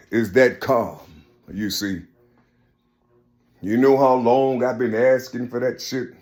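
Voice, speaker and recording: With a somewhat dark tone, a man drifts through a personal monologue, returning again and again to "you see." He stumbles, begins anew, and swings between quiet murmuring and loud, emphatic moments.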